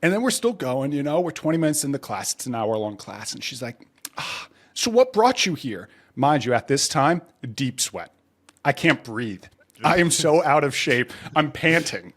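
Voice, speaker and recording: A man guesting on a podcast, telling a self-mocking story in a casual, animated way. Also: mid-range voice, normal speed.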